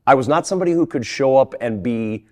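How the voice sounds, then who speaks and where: A middle-aged man, a guest sportscaster, telling anecdotes in an interview with animated laughs and frequent restarts. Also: medium pitch, fast. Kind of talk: interview storytelling.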